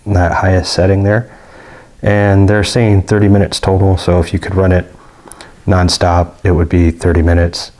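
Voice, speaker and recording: A man's voice: low-pitched, warm tone. A man giving a casual, rambling product review with many fillers and restarts. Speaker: gear reviewer.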